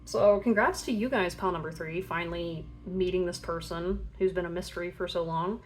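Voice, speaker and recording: A woman's voice: fairly low pitch, moderate pace, a little hiss or hum. Young woman, casual tarot reader, rambling chatty delivery with playful acted-out voices. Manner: chatty, rambling, full of fillers; acts out playful voices for imagined people.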